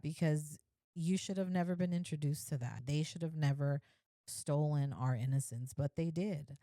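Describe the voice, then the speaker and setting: Woman in her 30s talking to her viewers, earnest and gentle, low mellow voice, dry close mic. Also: normal speed, no echo. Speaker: faith vlogger sharing her story. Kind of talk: heartfelt personal talk to camera.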